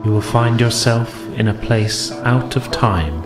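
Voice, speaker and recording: A man voicing a calm, kindly blind older woman who tells fortunes, speaking gently. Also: medium pitch, unhurried, reverberant, voice pushed up, natural voice. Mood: mystic. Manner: gentle, soothing, calls listener dear. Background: background music.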